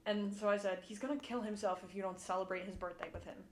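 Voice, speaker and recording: Speaking fast at a medium pitch with fairly even intonation, this co-host recaps a show casually. Lots of swearing and silly impressions of scenes fill the clip, which has an echoey sound and faint ambient noise.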